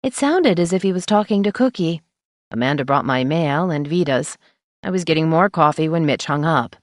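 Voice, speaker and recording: Low-voiced woman narrating an audiobook. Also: animated, moderate pace, dry recording, studio quality. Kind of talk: first-person scripted narration.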